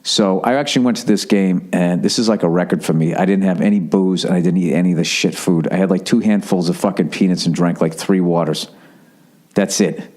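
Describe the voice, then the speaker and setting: A man's voice: sits low, steady tone, fairly quick, darkish tone. A man hosting a podcast, telling a long story in a profane, rambling way. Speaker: podcast host. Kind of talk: casual podcast monologue.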